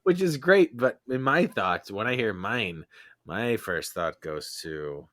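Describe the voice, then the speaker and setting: This Chicago-area podcast host talks beer in a relaxed chat, laughing a lot and stumbling through fillers and restarts. He speaks slowly in a lowish, fairly bright voice with lively intonation, recorded clean in a studio without echo.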